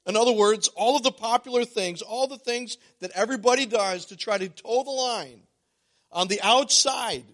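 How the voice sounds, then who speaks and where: High-voiced man preaching a lively sermon. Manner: animated, asks the congregation questions. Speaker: pastor. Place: church sanctuary.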